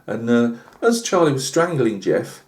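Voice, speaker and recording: A man's voice: mid-range voice, big pitch swings, a little slow, darkish tone. A British man telling a rambling comic tall tale on his channel, full of asides and fillers. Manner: chatty, lots of asides and fillers. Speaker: channel host.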